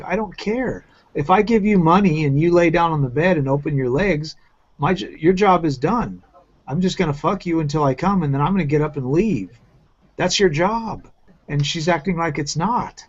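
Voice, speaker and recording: A man's voice: a little high, husky. Blunt profane man on a muffled call. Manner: blunt, profane, rambling with restarts. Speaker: round-table host. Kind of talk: crude casual group chat. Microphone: video call.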